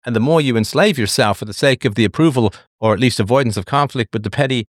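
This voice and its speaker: Mid-range and fast, this man's voice is recorded dry with clean studio sound. He hosts a talk show and lectures a caller emphatically, mimicking excuses in a raised voice as he answers the listener in a forceful monologue.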